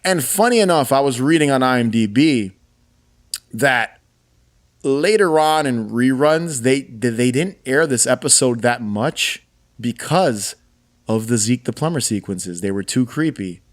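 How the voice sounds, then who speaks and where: A man's voice: mid-range voice, unhurried. A man in his thirties co-hosting a podcast, chatting casually and telling things with enthusiasm. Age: 30s. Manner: animated, enthusiastic storytelling with laughs. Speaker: podcast co-host. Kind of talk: casual chat.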